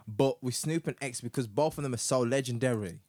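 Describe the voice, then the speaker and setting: A man's voice: mid-range voice, fairly quick, darkish tone, dry recording. A man co-hosting a casual podcast chat, teasing the others. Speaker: podcast co-host.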